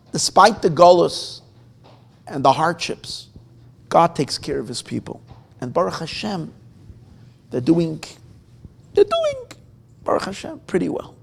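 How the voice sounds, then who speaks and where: Animated, gravelly storytelling rabbi. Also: male voice, on the high side. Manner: animated, voices the story's characters. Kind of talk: storytelling at a gathering. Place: gathering room with guitar nearby.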